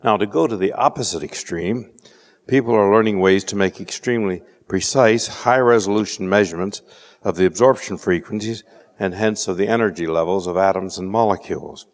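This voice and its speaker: In a lecture hall full of long reverb, a man with a rather low voice gives a measured science lecture. Patient and dryly witty, he often pauses on filler words while working through an explanation.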